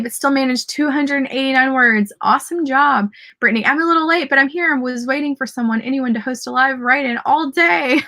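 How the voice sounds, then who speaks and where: A woman's voice: high-pitched, sharp tone. A woman with a Southern US accent hosting a casual live stream, reading out viewer comments and cheering them on. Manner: bubbly and upbeat, cheering viewers on.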